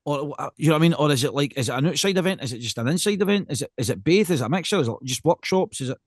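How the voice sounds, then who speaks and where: A man with a somewhat high voice fires off questions at a rapid clip, piling one on top of the next. The sound is close and dry, with no room around it. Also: lively intonation, dry recording. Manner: rapid-fire, stacked questions. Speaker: podcast host. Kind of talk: casual chat.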